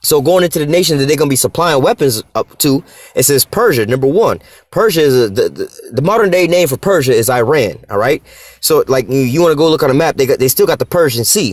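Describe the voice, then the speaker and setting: Fast-talking brash preacher man. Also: medium pitch, no echo. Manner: brash, profane, rhetorical questions. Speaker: street preacher. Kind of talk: Bible teaching.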